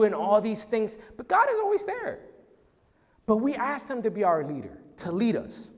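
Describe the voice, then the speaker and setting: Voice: medium pitch, big pitch swings, moderate pace. A speaker giving an earnest, emphatic church history lesson in a church hall. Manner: earnest, emphatic, with some restarts. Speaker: church teacher. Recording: long hall reverb.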